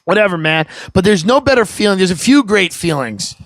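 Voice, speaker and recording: A man hosts a casual podcast, rambling through profane stories and acting out the people in them. His voice sits a bit high with a gravelly edge. The sound is dry and close. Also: big pitch swings, brisk, fairly bright tone, no echo. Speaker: podcast host. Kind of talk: casual storytelling chat.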